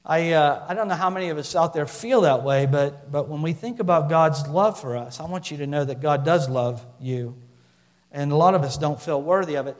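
A man with a fairly high voice preaches a sermon in a loose, conversational way, full of fillers and restarts. Now and then he slows down and leans hard into a point. His voice rings out with the long reverb of a large hall. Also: a little mellow.

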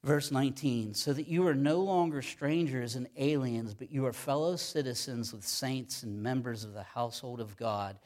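Male pastor, mid-pitched voice, emphatic sermon delivery, repeats key lines, reads verses slowly. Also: a little mellow.

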